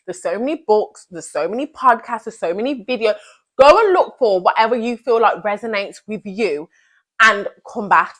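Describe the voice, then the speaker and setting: A woman's voice: mid-range voice, animated, normal speed, a bit bright. A young woman giving an earnest, emphatic motivational talk as a vlogger, repeating her key phrases.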